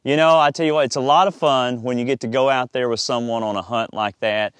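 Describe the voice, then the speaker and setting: A man's voice: medium pitch, fairly even intonation, a little fast, a bit bright, smooth, dry recording. A middle-aged man hosting an outdoor show, talking in a folksy, drawling way that turns devotional. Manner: folksy, drawling, says "I tell you what". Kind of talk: casual outdoor talk with a devotional close.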